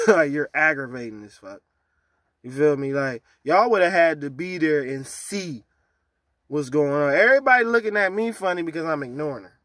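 Dude ranting on his vlog, cussing a lot, loud then muttering, bright tense voice. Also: animated, moderate pace, no room sound, studio quality. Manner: profane, heated ranting, swings between loud outbursts and low mutters. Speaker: vlogger.

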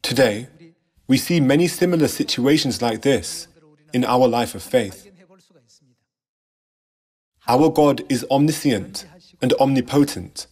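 A man reading a scripted sermon narration in a measured, solemn way, posing rhetorical questions. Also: mid-range voice, expressive, a little mellow. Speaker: church narrator.

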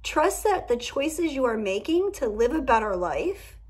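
Woman tarot reader, higher pitch, husky tone, candid and profane. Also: very animated, unhurried, darkish tone. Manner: candid and profane, with emphatic asides. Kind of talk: casual tarot reading to camera. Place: indoors at home.

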